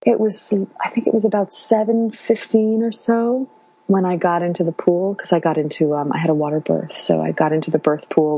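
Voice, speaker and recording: A woman tells her own story in a low, mellow voice, pausing often with fillers and restarting her sentences. The recording is dry and a little dull. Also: breathy edge, dry recording. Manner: warm, halting, many fillers and restarts. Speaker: podcast guest telling her birth story. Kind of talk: casual storytelling.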